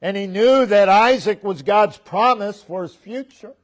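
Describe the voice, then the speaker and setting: Speaking from a church sanctuary, the pastor takes his sermon at a careful, slow pace. His phrases trail off low and soft, and he raises his voice to drive points home.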